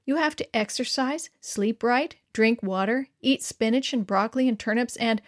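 A woman's voice: on the high side, normal speed, no room sound, clean studio sound, close to an everyday voice. A woman voicing a patient mother listing healthy habits to her son. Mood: lecturing.

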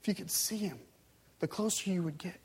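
Man preaching with loud and hushed swings. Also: sits high, fairly quick, husky. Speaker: pastor. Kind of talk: sermon.

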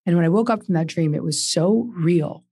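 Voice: medium pitch, fairly quick, dark tone, slightly rough, no room sound. Earnest guest author, 40s, telling a personal story, keeps repeating words for emphasis, dry close sound. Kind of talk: personal storytelling in a podcast interview.

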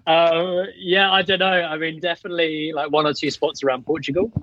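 A man's voice: on the high side, little pitch movement, brisk, sharp tone, dull audio. A man with a British English accent, a podcast guest speaking over an internet call, laid-back and hesitant, with many fillers. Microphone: remote call over the internet.

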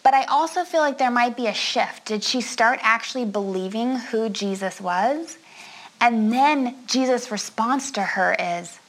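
A woman preaches in a relaxed, conversational way, and her voice sits a little high. She laughs easily and keeps checking in with her listeners as she talks. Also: measured pace, rough recording. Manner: chatty and expressive, often laughing and asking "right?". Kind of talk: conversational sermon.

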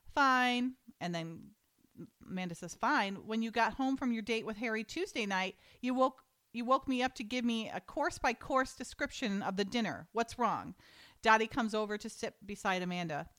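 A woman's voice: mid-range voice, fairly bright tone. Brief: woman host, chatty recap, reads dialogue aloud with amusement. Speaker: podcast host. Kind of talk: casual chat, reading script lines aloud.

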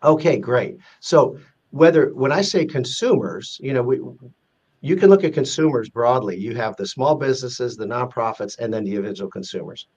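In a casual interview, a male guest speaks at normal speed in a mid-range, a little mellow voice, earnestly walking through how a corporate risk rating database works. He frequently restarts his sentences and performs example quotes, and the sound is lo-fi.

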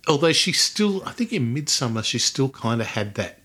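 A man's voice: medium pitch, very animated, moderate pace, pushed and bright. A man hosting a film podcast, chatting casually, rambling and laughing easily. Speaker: podcast host.

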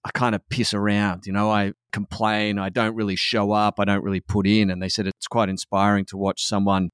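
A man's voice: fairly low pitch, little pitch movement, brisk, smooth, no room sound, studio quality. An Australian man talking candidly and casually on a podcast, swearing freely and calling his co-host "man" and "mate".

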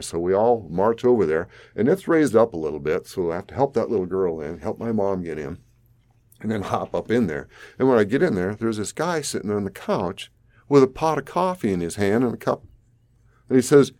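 A man's voice: sits low, expressive, normal speed, darkish tone, no room sound, clean studio sound. A man in his sixties from South Dakota, telling a vivid personal story with an occasional chuckle. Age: 60s. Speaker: flood survivor interviewee.

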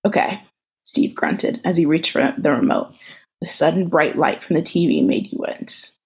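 A woman co-hosting a podcast over a video call, reading a fan story aloud in an even, unhurried way. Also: low-pitched, creaky, husky, low-quality recording. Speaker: podcast co-host.

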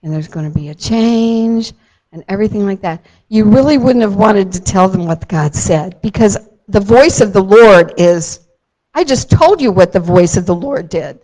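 A woman telling a Bible story to a child, gentle and slow with dramatic emphasis on key moments. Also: mid-range voice, animated, rough recording.

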